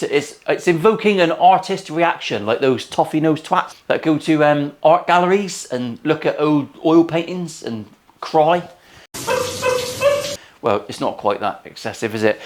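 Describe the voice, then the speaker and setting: A man in his forties, a luthier giving casual workshop commentary full of cheeky, crude, sweary asides. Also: fairly high pitch. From England. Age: 40s. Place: guitar workshop.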